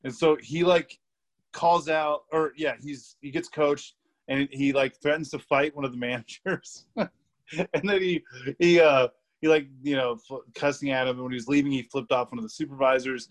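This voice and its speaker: A young man chatting as a podcast guest, his voice sitting in an ordinary middle pitch. He rambles loosely, stacking fillers, laughing mid-sentence and swearing casually as he tells stories. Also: fairly even intonation, normal speed. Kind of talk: casual storytelling chat.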